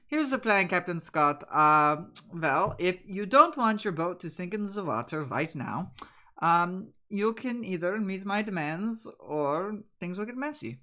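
A woman's voice: lowish voice, expressive, unhurried, sharp tone. A woman voicing a sly male swindler who smiles as he makes threats, mocking and falsely polite. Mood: menacing. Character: sly smiling male pirate extortionist.

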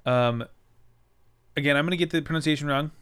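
A man's voice: a little high, brisk, a bit bright, smooth. A man hosting a podcast in casual chat, tired and laid-back, laughing easily. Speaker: podcast host.

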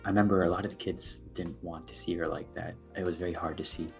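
A man's voice: deep voice, fairly even intonation, fast, vocal fry, faint music behind. A young man in his late teens, a podcast guest telling a personal story in an earnest, hesitant way with many fillers.

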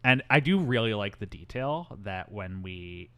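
Dude on a podcast recapping a movie, dry and wry but his pitch jumps all over. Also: unhurried, smooth. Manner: wry, deadpan, does mocking impressions. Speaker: podcast co-host. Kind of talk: casual movie recap chat.

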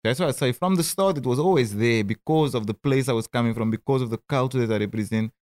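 With a mid-range, darkish voice and no echo, a man in his thirties tells stories as a guest in a casual interview. He's a rapper with a Cape Town South African accent who often stammers and restarts, tossing in quick asides and laughs.

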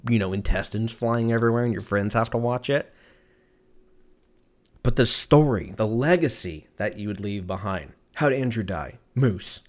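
A man hosting a solo podcast, rambling through a profane, joking rant and laughing often, his voice jumping up when excited. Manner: animated, jumps pitch when excited. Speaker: podcast host.

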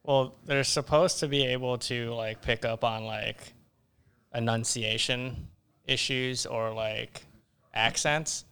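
A man with a gravelly, fry-laden voice at an ordinary pitch chats casually on a podcast. He talks in a dry, teasing way, correcting his co-host. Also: steady tone, takes it slowly, sharp tone. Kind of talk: casual chat.

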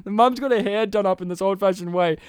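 A man, retelling a strange film for his co-hosts. His voice is smooth and resonant, recorded dry and close. He talks in an animated way and swears freely. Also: high-pitched, quick pace, no room sound. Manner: animated storytelling, swearing, laughing often. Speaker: podcast co-host. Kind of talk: casual movie recap chat.

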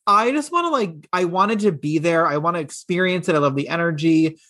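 A man's voice: fairly high pitch, brisk, a bit bright. A man co-hosting a casual chat, gushing eagerly and agreeing often. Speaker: podcast co-host.

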